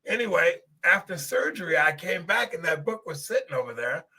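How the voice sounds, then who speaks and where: A man's voice: on the high side, lively intonation, brisk, bright, forceful tone, breathy edge. A middle-aged man hosting a podcast, telling a personal testimony in an earnest, emotional way and speaking straight to his listeners. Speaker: podcast host.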